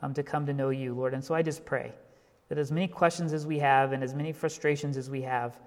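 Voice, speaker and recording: A man's voice: medium pitch, steady tone, quick pace, a little mellow, long reverb tail. A male pastor preaching a sermon, telling a story and building to impassioned emphasis before leading a prayer.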